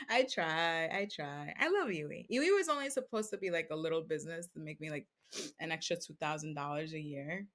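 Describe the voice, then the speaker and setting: With a deep voice and a slightly quick delivery, the young woman, a podcast guest who sells crystals, tells her tale in casual interview style. She acts out quoted speech energetically and says "like" again and again.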